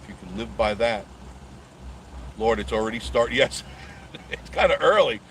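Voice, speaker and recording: Low-voiced man rambling live from his car. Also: little pitch movement, unhurried. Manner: rambling, joking, reads out and answers viewer comments. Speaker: live-stream host. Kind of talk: casual live stream chatting with viewers. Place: inside his car on busy streets. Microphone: phone on a gimbal. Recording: clear traffic noise behind the voice.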